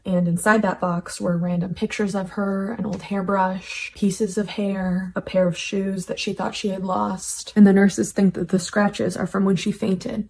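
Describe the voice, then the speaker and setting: A young woman tells a creepy ghost story in a steady storytime voice. Her tone is mellow and a little breathy, and she sits at a middle pitch. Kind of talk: spooky storytime narration.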